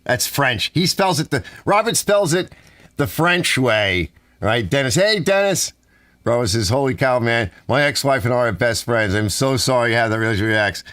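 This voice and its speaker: A man's voice: medium pitch, normal speed, a bit bright. A middle-aged man telling meandering personal stories and acting out the dialogue of the people in them. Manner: meandering, acts out dialogue, frequent restarts. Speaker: channel host. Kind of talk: rambling personal storytelling.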